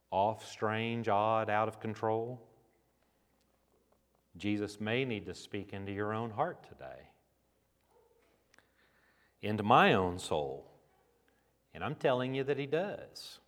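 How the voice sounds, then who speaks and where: A man preaching a sermon as pastor, dramatic and emphatic, with rhetorical questions and long pauses. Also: medium pitch. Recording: reverberant hall.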